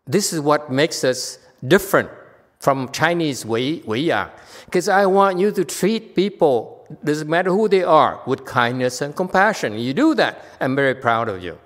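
A man's voice: on the high side, lively intonation, measured pace, fairly bright tone. A man giving a dharma talk as a Chan master, stern yet teasing, laughing at his own jokes. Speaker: Chan master teaching students. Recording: long reverb of a hall.

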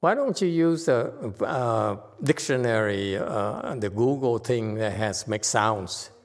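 Man, sutra teacher, slow unhurried delivery, chatty and teasing asides, long hall reverb. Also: medium pitch, expressive. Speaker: Buddhist teacher lecturing on a sutra. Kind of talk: informal lecture.

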